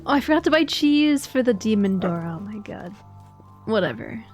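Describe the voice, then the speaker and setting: A woman's voice: fairly high pitch, expressive, moderate pace, darkish tone, faint music behind. A woman streaming a game, chatting playfully and rambling as she plays. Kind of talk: casual gameplay chat.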